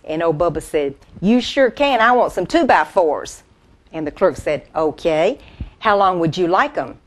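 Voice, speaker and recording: A woman's voice: on the low side, animated, close to an everyday voice. A woman doing a folksy country comedienne. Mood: chatty. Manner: folksy, drawn-out storytelling with laughs at punchlines. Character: folksy Southern country comedienne, chatty and homespun. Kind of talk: stand-up storytelling impression.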